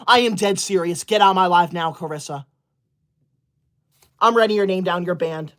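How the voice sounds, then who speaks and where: A man's voice: sits high, normal speed, fairly bright tone. Guy doing a touchy teacher's pet streamer kid, scolds and bans everyone, super dramatic. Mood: indignant. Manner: indignant, scolding, melodramatic outbursts. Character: self-righteous teacher's-pet boy livestreamer, touchy. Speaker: livestreamer. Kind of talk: comedic character skit.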